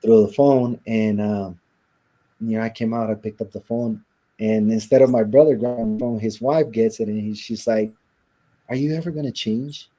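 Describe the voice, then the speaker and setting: A man's voice: fairly low pitch, level tone, moderate pace, dark tone. A man in an interview, casually telling his life story with lots of quoted back-and-forth and fillers. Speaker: interview guest.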